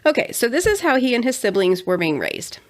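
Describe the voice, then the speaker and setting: A woman's voice: a little high, very animated, fairly quick. A young adult woman co-hosting a casual true-crime podcast, chatty with sarcastic asides. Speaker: podcast co-host.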